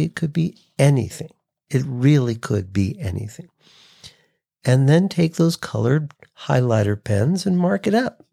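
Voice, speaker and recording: A man hosting a podcast, teaching voice delivery in a relaxed conversational way and acting out short sample reads. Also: mid-range voice, gravelly, slightly rough. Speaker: voice coach and podcast host. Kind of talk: casual instructional talk.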